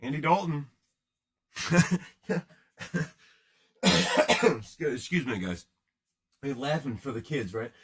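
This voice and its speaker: A man's voice: medium pitch, expressive, takes it slowly, pauses often. A man hosting a card-breaking livestream, rambling and joking casually with his viewers in chat.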